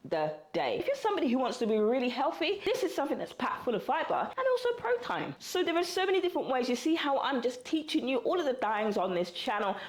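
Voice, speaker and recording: A woman from the UK talking casually to camera in a cooking vlog, chatty and animated, calling viewers girl and baby. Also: sits high, fast, few pauses. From United Kingdom. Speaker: vlogger. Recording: roomy echo.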